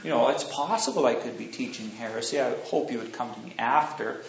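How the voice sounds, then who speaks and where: A man's voice: medium pitch, fairly quick, gravelly, noisy background. A man preaching a sermon, rambling and correcting himself as he tells stories and asks the congregation questions. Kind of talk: sermon with anecdotes. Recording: roomy, dull lo-fi recording.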